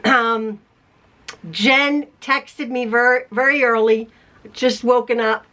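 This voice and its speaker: Chatty older woman with a high voice. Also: steady tone, takes it slowly, sharp tone. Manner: chatty, emotional, laughs often. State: tired after illness. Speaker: quilting vlogger. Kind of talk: casual vlog to camera. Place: at home, later in her parked car.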